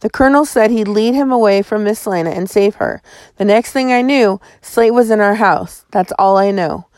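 A woman voicing a spirited, quick-witted young girl who talks in an urgent, cheeky way. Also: medium pitch, darkish tone, no echo, natural voice.

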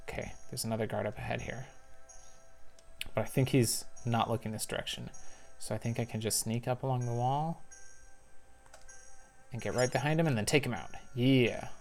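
A man giving casual commentary while playing a spy video game, thinking aloud with little excited outbursts. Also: medium pitch, moderate pace, gravelly, long pauses. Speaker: parent. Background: faint game music.

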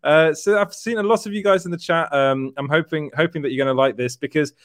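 This British male host talks brisk and fairly high-pitched, with no echo and a dry, close sound. It's a laid-back livestream chat where he wanders off, restarts sentences, fixes his own wording, and laughs a lot.

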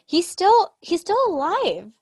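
A woman's voice: extremely high pitch, big pitch swings, slow pace, darkish tone, no room sound, studio quality. A young woman, a student teacher, chatting as a podcast guest in a playful, teasing way. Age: young adult. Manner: playful, teasing, laughs often. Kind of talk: casual chat.

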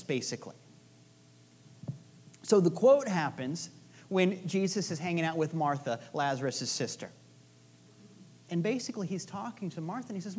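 A woman's voice: lowish voice, animated, normal speed, pauses often, a little mellow, husky. A woman preaching a sermon in a casual, playful storytelling way, with chatty asides to the listeners. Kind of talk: conversational sermon.

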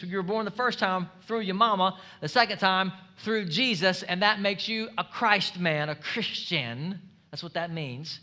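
A man preaching a sermon as pastor, energetic and humorous, building up to shouts. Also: high-pitched.

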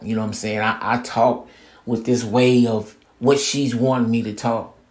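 Gravelly-voiced man ranting casually. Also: medium pitch. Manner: profane, streetwise, mocks others with blah blah. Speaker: podcast host. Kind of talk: casual monologue.

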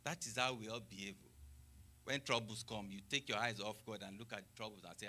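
A man's voice: lowish voice, steady tone, fairly quick, bright, forceful tone. A man preaching a sermon who reads scripture aloud and explains it with rhetorical questions and exclamations of praise.

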